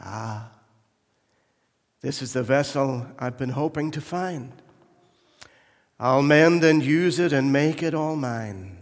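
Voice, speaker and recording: A man voicing a gentle, kindly master in a poem read from the pulpit. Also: medium pitch, slow pace, long pauses. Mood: tender. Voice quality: tender, warm. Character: gentle kindly master choosing a broken clay vessel. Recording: echoey church hall.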